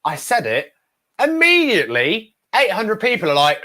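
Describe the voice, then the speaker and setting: Chatty young Englishman, higher voice. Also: huge pitch swings, normal speed, bright, forceful tone. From England. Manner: chatty, self-deprecating storyteller. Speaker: ventriloquist guest. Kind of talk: casual interview chat.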